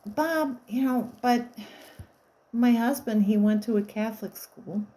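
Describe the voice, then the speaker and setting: A woman's voice: fairly high pitch, measured pace, mellow, low-quality recording. Wry, rambling woman in her fifties. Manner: rambling, wry, blunt with profanity. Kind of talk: casual storytelling monologue.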